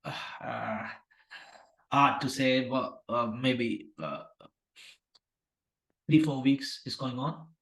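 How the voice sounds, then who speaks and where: A man's voice: medium pitch, very slow, creaky, long pauses, fairly bright tone, exaggerated voice, low-quality recording. A man role-playing an adult male patient who is agitated and keeps insisting that he go home.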